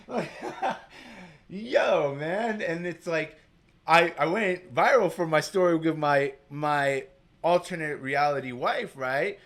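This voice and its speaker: A man's voice: fairly high pitch, slow, a bit bright. A man telling a personal story as a guest, rambling and packing his talk with filler words. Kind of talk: casual storytelling.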